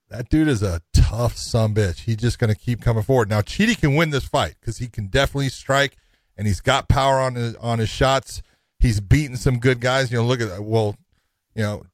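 A middle-aged man co-hosting a casual talk show about fights, with a voice at an ordinary pitch. He tells stories in an animated way and breaks down matchups. The sound is close and dry. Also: dry recording. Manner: animated storyteller, laughs while telling. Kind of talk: casual chat and fight analysis.

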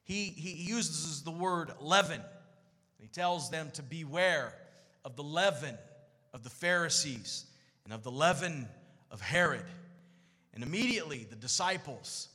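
A man preaching a sermon in a church sanctuary, moving from quiet storytelling to loud, sing-song exhortation. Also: a little high, lively intonation, unhurried. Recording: long church hall reverb.

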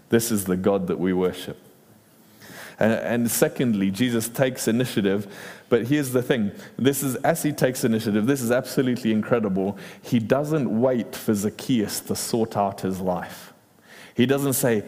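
A man preaching a sermon in a lively, animated way, acting out quoted lines in playful voices. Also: on the low side, normal speed. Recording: long reverb in a large hall.

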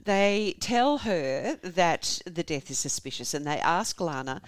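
A woman's voice: fairly low pitch, expressive, a little slow, dry recording. An Australian woman hosting a podcast, retelling a true-crime case in a chatty, jokey way. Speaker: podcast host. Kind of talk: casual true-crime storytelling.

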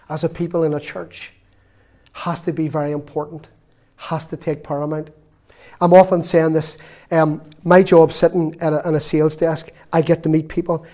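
Middle-aged Northern Irish lay preacher, slightly high voice, earnest anecdotal sermon. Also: male voice, dark tone. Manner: earnest storytelling with quoted dialogue.

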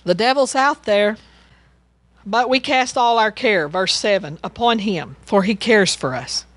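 A woman's voice: medium pitch, measured pace, dry recording. A woman giving a casual Bible teaching, rambling and chatty, and she laughs as she tells stories.

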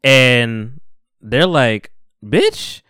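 A man's voice: medium pitch, lively intonation, very slow, sharp tone, clean tone, dry recording, studio quality. A young man hosting a podcast, recapping a TV episode in casual, slangy chat and acting out the characters' lines. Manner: slangy, laid-back, acts out characters' lines. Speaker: podcast host.

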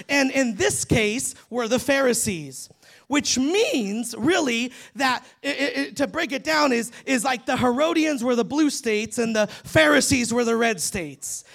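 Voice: high voice, gravelly, a bit bright. A preacher giving a sermon in a conversational, humorous storytelling manner and speaking straight to the congregation. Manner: addresses the congregation directly.

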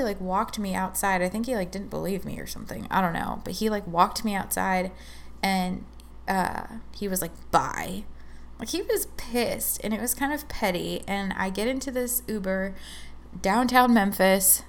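A young woman in her twenties tells a long personal story in a loose, chatty way. She fills her speech with "like" and slips into quoted back-and-forth. Her pitch sits in the middle for a woman. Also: gravelly. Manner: chatty, fillers of "like", acts out quoted dialogue. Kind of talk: casual storytelling chat.

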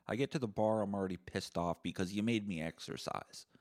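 A man's voice: fairly low pitch, brisk. A young man from Canada hosting a podcast, delivering a sarcastic, profane solo rant. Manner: sarcastic, profane, animated ranting. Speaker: podcast host.

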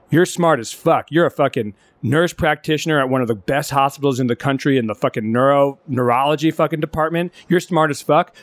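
A man's voice: fairly high pitch, no room sound. Impassioned man ranting with profanity. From California. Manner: impassioned, profane, restarts a lot when upset. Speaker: podcast co-host. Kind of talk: casual chat.

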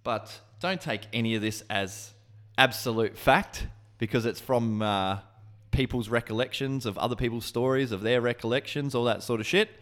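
A man's voice: mid-range voice, normal speed, a bit bright. A man co-hosting a podcast, chatting casually, rambling and swearing freely. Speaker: podcast co-host.

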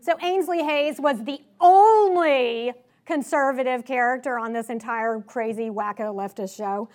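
Speaking a little slowly in a fairly high voice with a darkish tone, a conference speaker with a faint Southern accent gives a political address to a live crowd in a conference hall. She leans on sarcasm, emphasis and one rhetorical question after another.

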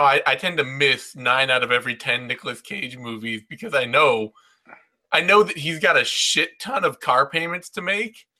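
Bright-voiced joking man. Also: fairly high pitch. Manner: jokey, stammers and restarts. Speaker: podcast co-host. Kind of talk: casual joking chat.

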